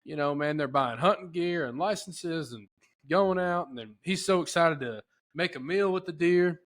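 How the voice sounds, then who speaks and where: A man hosting a podcast, telling a story in a casual, rambling, animated way with lots of filler talk. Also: a little high, moderate pace. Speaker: podcast host.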